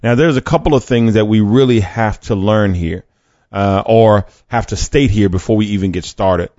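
A man's voice: lowish voice, normal speed, dark tone, no room sound, lo-fi sound. A man hosting a faith podcast, talking conversationally with fillers, restarts and rhetorical questions. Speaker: podcast host.

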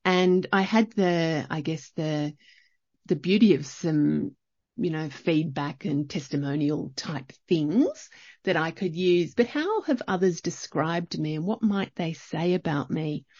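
A woman's voice: sits low, unhurried, a little mellow, no room sound, lo-fi sound. A middle-aged woman, talking reflectively in a chatty solo podcast, often restarting her sentences. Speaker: podcast host.

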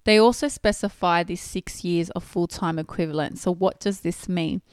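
A woman's voice: fairly low pitch, no room sound, studio quality. A woman from Australia, hosting a podcast and explaining rules step by step in plain terms. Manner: clear, methodical explaining with pauses to rephrase. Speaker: podcast host.

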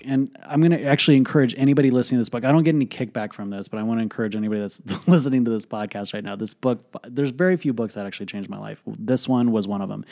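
A man's voice: medium pitch, gravelly, mellow. A man hosting a podcast, telling a personal story in a blunt, profane and emphatic way, full of fillers. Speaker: podcast host. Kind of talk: candid podcast monologue.

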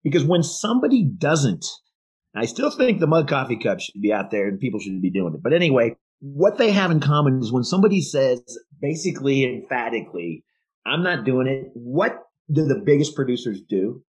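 A man's voice: mid-range voice, sing-song, fairly quick, a little mellow, husky, low-quality recording. A man co-hosting a casual sales podcast, talking emphatically and rambling with restarts. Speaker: podcast co-host.

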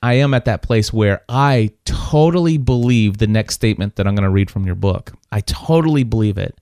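Young guy hosting a podcast, kinda lowish voice, earnest and stumbling over his words. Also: animated, dark tone, dry recording, clean studio sound. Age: young adult. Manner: earnest, halting, repeats words as he starts sentences. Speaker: podcast host, father. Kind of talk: casual interview talk.

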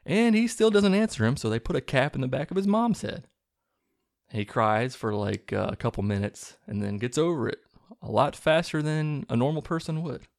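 Guy with a gravelly lowish voice snarking through a movie recap, dry close mic. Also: animated, no room sound. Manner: sarcastic, acts out characters' lines in quick bits. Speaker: movie reviewer recapping a film. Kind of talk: casual film recap.

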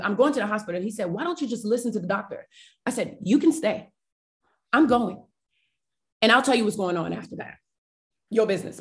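Emotional woman telling a personal story. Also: medium pitch. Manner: emotional, animated retelling with quoted dialogue. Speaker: podcast guest.

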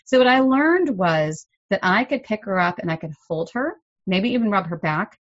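A middle-aged woman hosting a parenting podcast, explaining in an earnest, gently emphatic way. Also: mid-range voice, lively intonation, normal speed, dry recording, highs cut off. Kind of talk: solo podcast talk.

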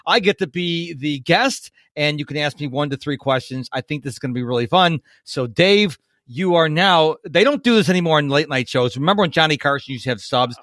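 A man's voice: a little high, animated, brisk, few pauses, a bit bright, no echo, clean studio sound. A man hosting a podcast, talking in an upbeat, enthusiastic way and laughing easily. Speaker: podcast host. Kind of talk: casual podcast interview.

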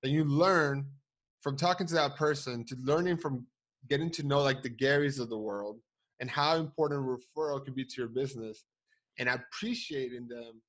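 A man's voice: medium pitch, moderate pace, fairly bright tone. A man hosting an interview, asking long, eager, leading questions. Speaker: podcast host. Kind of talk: casual interview.

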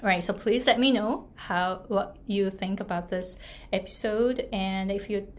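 Slow-talking woman coaching pronunciation. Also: mid-range voice. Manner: relaxed, repeats "right?" and laughs often. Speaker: pronunciation coach and podcast host. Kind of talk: casual solo episode monologue.

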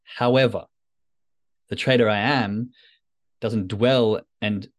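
A man hosting a solo podcast, talking candidly and self-critically with frequent restarts. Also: fairly low pitch. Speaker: podcast host, trader. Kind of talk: reflective solo podcast talk.

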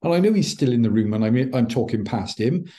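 A middle-aged man, a podcast guest, telling a personal story in an animated way and acting out the dialogue. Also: medium pitch, fairly quick. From United Kingdom. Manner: animated, acts out quoted dialogue. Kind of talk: anecdotal storytelling.

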